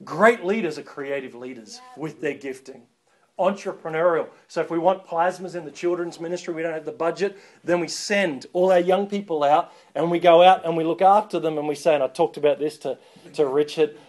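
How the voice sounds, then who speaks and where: A man preaching a sermon as a pastor, lively and joking, calling on the congregation to respond. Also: fairly high pitch, brisk.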